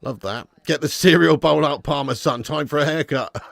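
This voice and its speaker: A man's voice: on the high side, moderate pace, gravelly, fairly bright tone, dry recording. Chatty man hosting a live watch-along. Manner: chatty, banter with viewers, jokey put-on accents.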